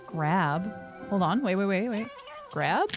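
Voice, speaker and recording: A young woman streaming a game, chatting playfully and reading on-screen prompts aloud in an excitable way. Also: mid-range voice, slow pace. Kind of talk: casual let's-play commentary. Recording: game music underneath.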